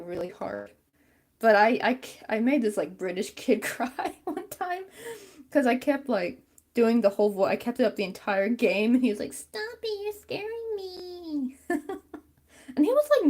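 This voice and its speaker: A woman's voice: fairly high pitch, sing-song, moderate pace, a little mellow, breathy edge. A woman chatting casually and rambling with many fillers while she crochets on a stream.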